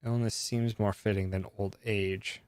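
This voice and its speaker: A man's voice: lowish voice, level tone, a little slow, darkish tone, smooth. A man streaming a game, musing aloud as he works through its puzzles in casual commentary.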